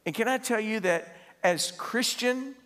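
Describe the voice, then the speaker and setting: A man preaching a sermon, animated and laughing as he tells stories and asks the congregation questions. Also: sits high, a little slow. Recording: long hall reverb.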